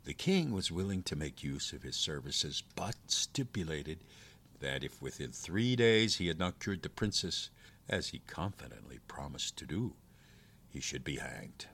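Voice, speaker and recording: A man with a deep, low voice reads an old folk tale aloud. His delivery is measured and steady, in a classic storytelling manner. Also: gravelly, breathy edge. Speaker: narrator. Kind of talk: storybook reading.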